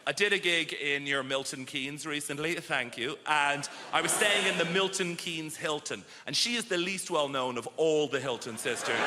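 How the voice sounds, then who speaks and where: A man doing a stand-up comedy set on a theatre stage, animated and shouting his punchlines. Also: fairly high pitch, a little hiss or hum. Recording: echoey theatre with loud crowd laughter.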